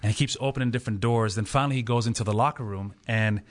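A man's voice: on the low side, quick pace. Laughing man telling a story. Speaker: pastor and podcast guest. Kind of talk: casual storytelling on a podcast.

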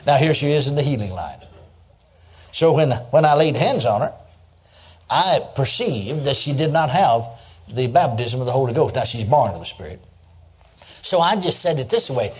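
An older man delivers a sermon, telling stories in a folksy way and chuckling as he goes. His voice is medium in pitch and a little mellow.

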